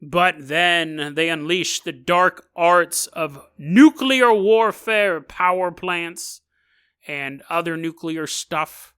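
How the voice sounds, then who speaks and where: A man's voice: a little high, slow, a bit bright, smooth. A man voicing a smug male alien from Venus who delivers threats in a breezy, offhand way.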